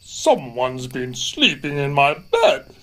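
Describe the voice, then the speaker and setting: Lady putting on a growly papa bear, way down low, voice swoops around, slow storybook read. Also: sing-song, heavy background noise, full character voice. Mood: gruff. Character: big gruff male papa bear.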